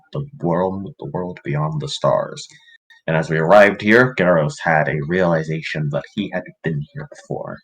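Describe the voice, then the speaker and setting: A man recapping the last session of a tabletop game, halting and full of restarts. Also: rumbling low, slightly rough, low-quality recording. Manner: halting, many fillers and restarts. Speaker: player.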